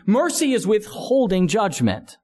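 Brief: male pastor, high voice, earnest conversational sermon. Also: wildly swooping pitch, a little slow, a little mellow, husky. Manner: earnest, conversational preaching with restarts.

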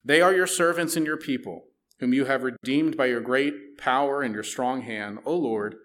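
A man's voice: medium pitch, moderate pace, a bit bright, slight background noise. A man giving a Bible teaching, reading scripture aloud and explaining it in a conversational way.

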